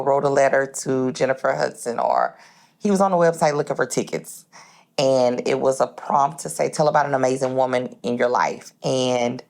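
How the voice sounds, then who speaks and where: A woman from Port Arthur, Texas, a home-based caterer, telling a story in a casual chat and acting out the dialogue with big jumps in her voice. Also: creaky. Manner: animated, acts out dialogue with big pitch jumps.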